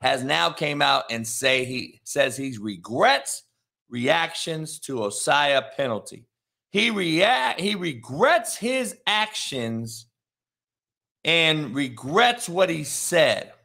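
A man hosting a sports talk show, ranting in a heated, profane way that swings from muttering to shouting. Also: on the high side, big pitch swings, slow pace, gravelly.

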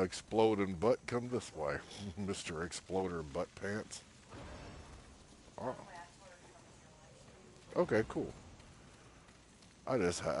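A man livestreaming a console game at home, chatting excitably and giggling as he coaxes and scolds the creatures on screen. His pitch swings widely between low mutters and high yelps. There is a faint hiss behind his voice. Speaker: streamer. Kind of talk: casual gameplay commentary.

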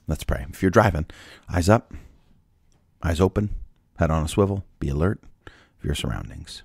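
Man with a super deep husky voice doing a devotional bible talk, chatty, lots of questions to listeners, dry close mic. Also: lively intonation, moderate pace, no room sound. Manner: conversational, rhetorical questions, restarts. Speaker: Bible podcast host.

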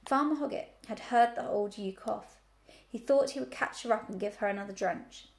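A woman's voice: a little high, moderate pace. Woman teacher reading a story aloud. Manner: clear, expressive storytelling. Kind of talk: reading a children's book aloud.

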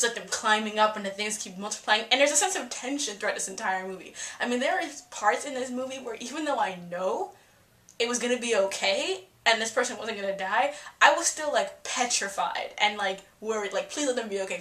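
A young woman giving a casual, profane movie reaction vlog, excitable and acting out her reactions. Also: mid-range voice. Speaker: film reviewer. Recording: echoey room.

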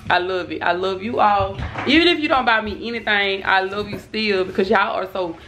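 A woman in her twenties talking in a casual unboxing vlog, excitable, breaking off to calm her kids. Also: mid-range voice, a little fast, faint music behind. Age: 20s. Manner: excitable, shrieks and laughs, talks to her kids between sentences. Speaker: vlogger.

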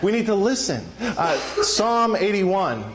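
High-voiced man preaching a sermon. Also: big pitch swings, takes it slowly, crowd noise. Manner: emphatic, calls for congregation responses. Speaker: pastor. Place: church sanctuary.

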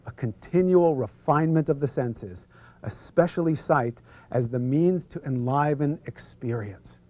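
A man leads an instructional seminar with lots of energy, drawing out foreign terms so the audience can call them back. His voice sits a little high for a man, and at times he drops to a near hush. The recording is dull and lo-fi. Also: a little slow. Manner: energetic, stretching out foreign words for the audience to repeat; drops to a hush for some passages. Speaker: seminar presenter. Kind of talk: instructional seminar talk leading audience repetition. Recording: muffled lo-fi video recording.

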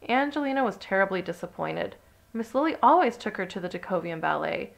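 A woman reading a children's picture book aloud, even and expressive from line to line. Her voice carries a noticeable gravelly fry, set at a middle pitch for a woman. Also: a little fast. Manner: steady, expressive storytelling. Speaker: storybook reader.

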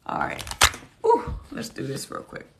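A woman hosting a casual livestream Q&A. Her voice is hoarse and cracking, and she talks in a folksy, chatty way, muttering to herself as she looks for things. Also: unhurried, very noisy. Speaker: host answering viewer questions.

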